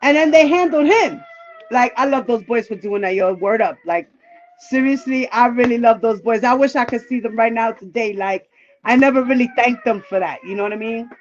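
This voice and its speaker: A woman with a high voice tells a personal story in a loose, candid way, swearing freely and acting out the lines of the people in it. Her voice comes through slightly muffled, like audio from a live stream. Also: brisk, slight background noise. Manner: candid and profane, acting out quoted dialogue. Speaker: livestream guest. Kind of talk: casual storytelling.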